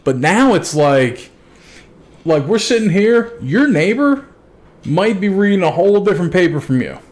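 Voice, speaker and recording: A man's voice: sits high, sing-song, normal speed, a little mellow. A man in a casual podcast chat, thoughtfully explaining his views with some casual swearing. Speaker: podcast co-host.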